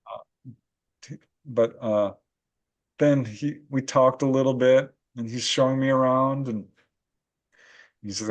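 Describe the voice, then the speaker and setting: A man as a podcast guest who recounts his own experiences in an animated, laughing storytelling manner. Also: mid-range voice, a little slow, long pauses. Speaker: guest, paranormal researcher and author. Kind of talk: casual interview storytelling.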